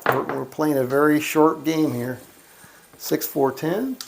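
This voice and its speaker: Slow gravelly man calling dice. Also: a little high, steady tone, noisy background. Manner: calls out dice rolls, mutters mild cursing. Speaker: gambling vlogger. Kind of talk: casual running commentary while playing. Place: casino electronic craps machine.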